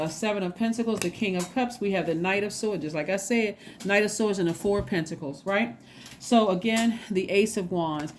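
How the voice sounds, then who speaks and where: A woman with a fairly low voice talks through a tarot reading in a loose, casual way. She circles back on her own words and keeps tagging her points with "right?" A faint hiss sits under her voice. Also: darkish tone. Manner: rambling, repeats phrases, tags with "right?". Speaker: tarot reader.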